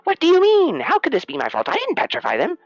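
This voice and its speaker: Theatrical gnome shopkeeper, very high swooping voice, lively, dull dry sound, faint music behind. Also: male voice, fast talker, dry recording, exaggerated voice. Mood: indignant. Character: flamboyant floating male gnome shopkeeper, fussy and theatrical.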